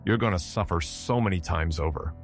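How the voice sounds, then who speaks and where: A man's voice: sits low, fairly quick, soft background music. A man voicing a menacing devilish stranger who mocks and snarls, in a narrated horror story. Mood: gloating. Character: menacing devilish male stranger, gleeful and cruel.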